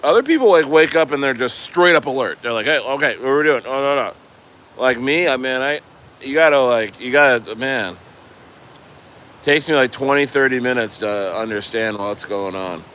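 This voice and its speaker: A man chats on a live stream from outdoors near the coast, with faint traffic hum behind him. He rambles loosely, answers his chat, laughs easily, and trails off and restarts his sentences. His voice sits at an everyday middle pitch. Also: lively intonation, normal speed, fairly bright tone. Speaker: crypto livestreamer reading chat.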